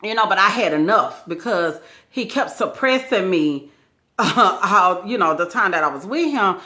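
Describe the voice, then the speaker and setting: A woman's voice: mid-range voice, moderate pace. A woman vlogger telling a personal story in a casual, slangy way, often quoting the people involved. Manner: animated, slangy retelling with acted quotes.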